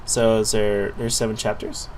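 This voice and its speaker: A man's voice: fairly low pitch, level tone, normal speed, creaky, a little mellow, slight background noise. A man playing a video game and reading its story text aloud in a casual way, often tripping over words. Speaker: gaming streamer.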